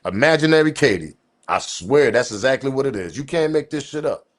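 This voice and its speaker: A man hosting a commentary video, ranting about the news with profanity and loud emphatic bursts. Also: mid-range voice, expressive, brisk. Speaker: commentary channel host.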